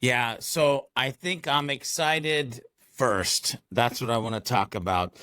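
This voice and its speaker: A man's voice: medium pitch, slow pace, sharp tone, no echo. A man co-hosting a podcast, talking energetically and rambling a bit, with plenty of fillers. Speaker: podcast co-host. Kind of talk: enthusiastic podcast talk.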